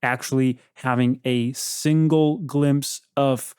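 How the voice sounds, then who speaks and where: A man's voice: medium pitch, fairly even intonation, slow, a little mellow, clear, resonant tone, no echo. Man, blunt, probing, rambling talk, dry close sound. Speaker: host. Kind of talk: casual chat.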